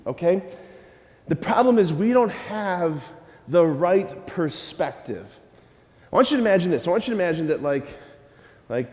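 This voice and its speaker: A man, a Catholic priest, preaching a lively homily, animated and questioning the congregation. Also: sits high. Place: church. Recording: long church reverb.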